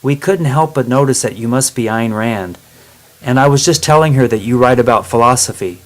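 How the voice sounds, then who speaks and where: A man's voice: mid-range voice, fairly quick, lightly acted. A man voicing a knowledgeable grown man guide who explains things plainly, in a storybook reading. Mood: informative. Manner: explaining, informative.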